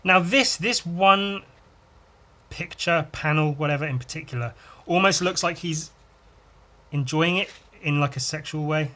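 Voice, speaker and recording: A podcast host and illustrator rambles alone through a casual drawing-podcast monologue, cracking crude, self-mocking jokes as he works. His voice is a little high, unhurried, and sharp in tone.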